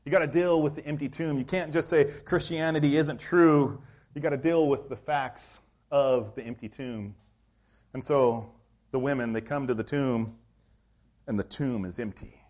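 A male pastor preaching a sermon in a church, telling the story in a lively, acted-out way. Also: mid-range voice, moderate pace. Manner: animated storytelling, acts out scenes.

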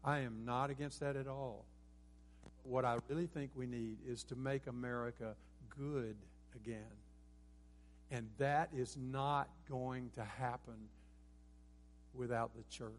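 A man's voice: medium pitch, fairly even intonation, a little slow, slight background noise. A man preaching a sermon as pastor, earnest and rising to emphatic peaks, with frequent restarts. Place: church sanctuary.

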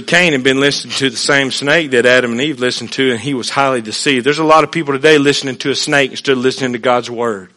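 A man preaching a sermon in a folksy way, dropping to hushed asides and rising to loud, emphatic points. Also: fairly high pitch.

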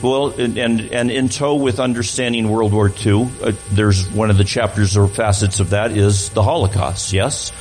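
A man's voice: on the low side, fairly even intonation, moderate pace, hardly any pauses, a little mellow, faint music behind, low-quality recording. A man speaking as a guest at a church, talking to the congregation in a conversational way and often restarting his sentences. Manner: conversational, repeats words while restarting.

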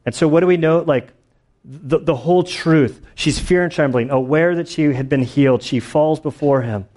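A man's voice: a little high, moderate pace, darkish tone. A man teaching through a Bible passage in a casual, rambling way, full of filler words, restarts and the occasional laugh. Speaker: pastor.

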